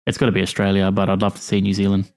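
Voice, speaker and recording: A man hosting a call-in podcast, with a somewhat low voice. He chats casually, jokes and laughs easily with his co-host and callers. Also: monotone, racing, darkish tone. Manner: friendly, banters and laughs easily.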